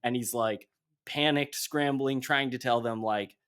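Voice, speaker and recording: A man's voice: medium pitch, measured pace, clean tone. A man on a podcast, casually retelling a comic issue scene by scene and briefly acting out the characters' lines. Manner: animated storytelling, acting out comic dialogue in passing. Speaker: podcast host.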